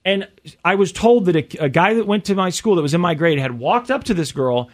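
Male podcast co-host, casual storyteller, slightly high voice. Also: lively intonation, a little fast. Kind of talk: casual chat.

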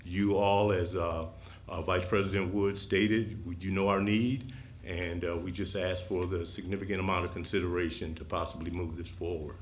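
A man's voice: deep voice, fairly even intonation, moderate pace, slight background noise. A man speaking as the fire chief before a city council, earnest and with some fillers. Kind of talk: testimony to a council.

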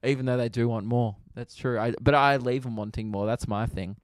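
A man's voice: mid-range voice, a little fast, no room sound, studio quality. A young Australian man hosting a comedy podcast, telling a story in a casual monologue, laughing often and jumping into voices. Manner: animated, laughs often, jumps into voices and whoops.

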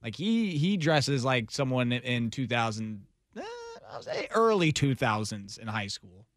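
A man's voice: medium pitch, very animated, measured pace, dry recording, studio quality. A man co-hosting a sports radio show, joking in a laid-back way. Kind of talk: casual sports radio banter.

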